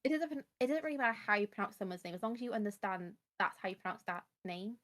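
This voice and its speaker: A young woman streaming and chatting casually about books. She talks at length and rambles as she explains things, in a voice of ordinary pitch for a woman. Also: lively intonation, fast talker, fairly bright tone.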